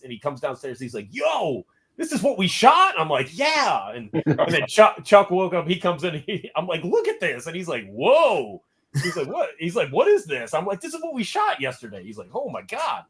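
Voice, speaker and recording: Guy host spinning a story, kinda high voice, jumps all over, acts out every quote. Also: breathy edge. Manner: animated, quotes people in lively voices. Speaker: podcast host. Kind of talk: casual storytelling.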